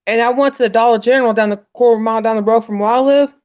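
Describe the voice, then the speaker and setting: A woman's voice: a little high, steady tone, racing, a little mellow, clear, resonant tone. A woman from Alabama with a Southern accent, co-hosting a casual livestream in a frank, blunt, talkative way. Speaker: livestream co-host. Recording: dull, muffled audio.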